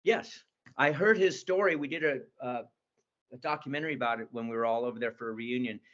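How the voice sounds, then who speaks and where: A man's voice: medium pitch, quick pace, fairly bright tone, dull audio. A man in his sixties, an interview guest telling stories in an enthusiastic, rambling way. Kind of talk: casual storytelling.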